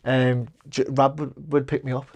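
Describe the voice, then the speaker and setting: A man's voice: medium pitch, flat delivery, moderate pace, vocal fry. A young man, a guest telling stories in casual podcast chat, rambling with fillers and restarts. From England. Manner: rambling, with many fillers and restarts, acting out quoted voices, laughing often. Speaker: guest, professional boxer.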